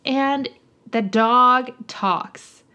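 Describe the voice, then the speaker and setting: A woman's voice: on the high side, highs cut off. A woman co-hosting a podcast in casual chat, animatedly retelling a show and acting out the characters' lines. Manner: animated, acts out characters' lines in quick voices. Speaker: podcast co-host.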